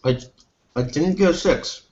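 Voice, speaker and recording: A man's voice: fairly high pitch, unhurried, a little mellow, lo-fi sound, a little hiss or hum. A man playing a tabletop game, describing his actions in first person and correcting himself as he goes. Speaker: player.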